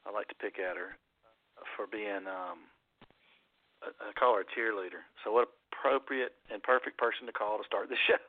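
A man's voice: fairly low pitch, fairly even intonation, normal speed, dry recording. A man co-hosting a call-in radio show, easygoing and encouraging. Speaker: co-host. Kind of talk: casual radio chat. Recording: tinny phone-like line.

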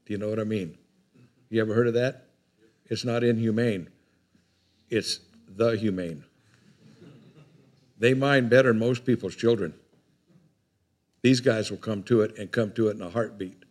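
A man's voice: fairly low pitch, fairly even intonation, moderate pace, long pauses. An older man preaching a sermon in a folksy, rambling way, often repeating his words.

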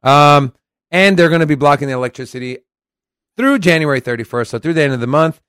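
A man's voice: on the high side, quick pace, smooth, dry recording, clean studio sound. A man co-hosting a crypto podcast in casual chat, reading news articles aloud and commenting in a brash, profane way. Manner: brash and profane, animated when reading quotes. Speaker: podcast co-host.

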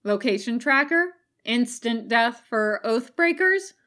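A woman voicing a deadpan young male ninja. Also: a little high, slow, full character voice. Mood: dry. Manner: dry, deadpan.

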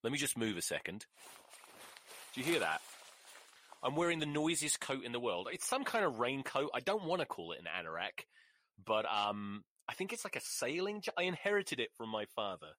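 Man, podcast host, rambling rant, lively swooping pitch, dry close sound. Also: brisk, no room sound. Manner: rambling, exasperated, swears. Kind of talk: casual solo podcast rant.

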